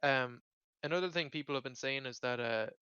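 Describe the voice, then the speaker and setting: A man's voice: mid-range voice, brisk, bright, forceful tone, smooth, no echo, highs cut off. A man hosting a casual podcast chat, rambling with lots of fillers and swearing freely. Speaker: podcast host.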